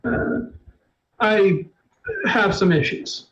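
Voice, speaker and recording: A man's voice: high voice, very slow, a bit bright, exaggerated voice. A man voicing a nervous male doctor who stammers and repeats his words, on a dull lo-fi stream recording. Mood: nervous stammering. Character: nervous stuttering male doctor, jumpy and anxious.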